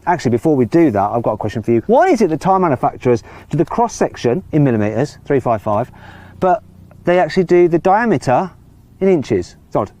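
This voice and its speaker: A man's voice: on the high side, sing-song, fast talker. A man presenting a car review, talking with enthusiasm and exclaiming as he drives. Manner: enthusiastic, exclaims and laughs while driving. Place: in and around a sports car. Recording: loud engine and road noise.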